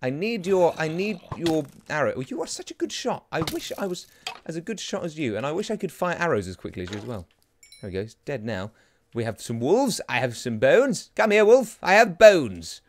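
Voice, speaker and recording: Animated young man narrating a game. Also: fairly high pitch, normal speed, soft background music. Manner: chatty, rambling and self-mocking; talks to game creatures. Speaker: let's play host. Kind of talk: gameplay commentary.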